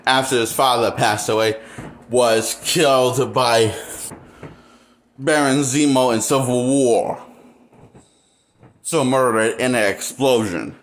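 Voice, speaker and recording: A man giving an unscripted movie review, rambling and halting, with many fillers and restarts. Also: medium pitch. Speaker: movie critic.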